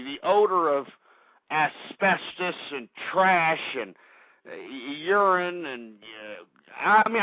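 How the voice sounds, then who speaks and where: A hoarse man with a high-pitched voice rants on his own talk radio show, indignant and swearing as he harangues his listeners. The sound is thin and phone-like, as if carried down a telephone line. There is no room echo at all. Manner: ranting, indignant, swearing, addresses listeners as folks.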